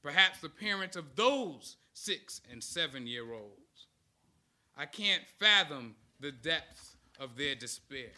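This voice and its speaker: A man's voice: a little high, big pitch swings, slow, pushed and bright. A man in his thirties giving a motivational speech to an audience, rousing them with call-and-response chants. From United States. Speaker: speaker.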